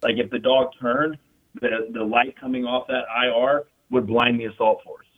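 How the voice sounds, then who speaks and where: A man's voice: mid-range voice, steady tone. Casual, profane man on a tinny line. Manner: casual, profane, fast storytelling with frequent fillers. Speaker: military veteran guest. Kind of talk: casual storytelling. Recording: tinny phone-like sound.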